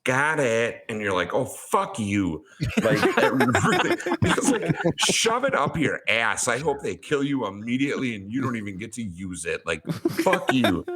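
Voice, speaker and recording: A man's voice: mid-range voice, very animated, normal speed, hardly any pauses, a crowd in the background. A young man co-hosting a podcast, ranting sarcastically and swearing often in casual chat. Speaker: podcast co-host.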